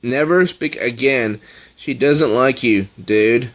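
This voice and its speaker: A man's voice: medium pitch, takes it slowly, lightly acted. A man reading out the nervous inner thoughts of a popular teenage quarterback from a comic. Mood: self-scolding.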